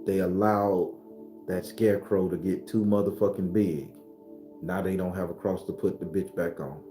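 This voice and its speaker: Guy preaching spiritual stuff, cusses a lot, mellow voice, echoey room with faint music. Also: fairly even intonation, normal speed. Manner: blunt, profane, preachy; gets loud and high-pitched when fired up. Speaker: spiritual teacher. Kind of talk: unscripted spiritual talk.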